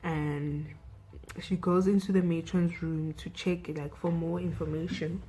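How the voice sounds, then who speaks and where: A woman's voice: lowish voice, level tone, measured pace, dark tone, a little hiss or hum, low-quality recording. A young South African woman vlogger recapping a film in a chatty way, saying "like" and "you know" a lot.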